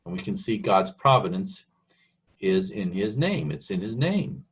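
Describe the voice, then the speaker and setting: Slow, husky-voiced male preacher. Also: deep voice, sing-song. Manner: slow, earnest, asks the listener questions. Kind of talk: sermon, Bible teaching.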